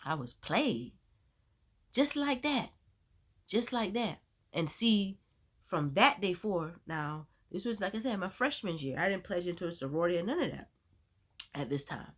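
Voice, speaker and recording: A woman sharing a personal faith testimony as a vlogger, in a chatty, animated storytelling way with lots of "you know.". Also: lowish voice, moderate pace, breathy edge. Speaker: Christian vlogger.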